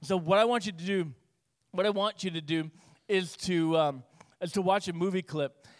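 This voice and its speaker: A man's voice: sits high, moderate pace. A man preaching a sermon as pastor, telling stories with acted-out dialogue. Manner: animated storytelling with acted-out dialogue.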